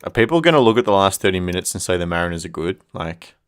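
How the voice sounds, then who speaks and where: A man's voice: low voice, big pitch swings, quick pace, clear, resonant tone. A man co-hosting a casual live football chat, wry and analytical, thinking aloud with restarts. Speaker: podcast co-host.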